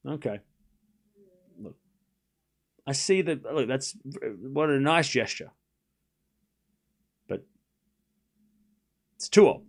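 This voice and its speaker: A man hosting a live stream, calling tennis play-by-play in a chatty, excitable way, joking about the crowd and talking to his viewers. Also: fairly high pitch, slow pace, vocal fry, long pauses. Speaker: stream host.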